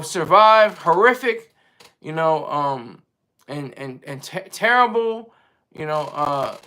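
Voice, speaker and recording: High, bright-voiced rambling man. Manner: rambling and opinionated, searching for words mid-sentence. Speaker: live-stream host answering chat. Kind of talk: casual monologue.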